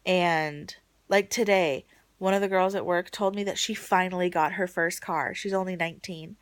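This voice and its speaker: This woman's late-night video diary from home is rambling and emotional, moving between bright enthusiasm and quiet low murmuring. Her pace is moderate, with no echo.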